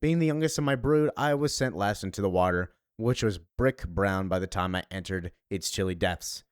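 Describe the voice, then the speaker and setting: A man reading aloud as a formal, sharp-tongued young girl narrator from a comic, in a wordy, stiff manner. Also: low voice, normal speed, smooth, no room sound, studio quality, natural voice.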